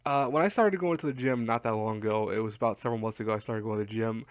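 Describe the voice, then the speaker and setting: A man's voice: fairly low pitch, fast talker, dry recording. Tired young man rambling advice. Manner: rambling, self-deprecating, chatty with fillers. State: tired, voice worn from talking all day. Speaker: YouTuber giving advice. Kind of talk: casual advice vlog.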